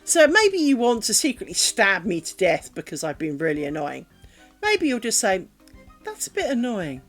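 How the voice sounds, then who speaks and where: A woman's voice: mid-range voice, big pitch swings, normal speed, faint music behind. A British woman streaming her craft work, chatting candidly and rambling, with a self-deprecating streak and the odd swear word. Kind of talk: casual chat. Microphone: streaming mic.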